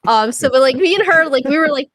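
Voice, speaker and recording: A young woman's voice, pitched a little high, chatting animatedly on a podcast. She rambles through her stories and fills them with "like". The sound is dry and close, with no room around it. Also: fast talker, no room sound. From Toronto, Canada. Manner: animated, rambling, heavy use of filler "like". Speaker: podcast guest. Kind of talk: casual podcast chat.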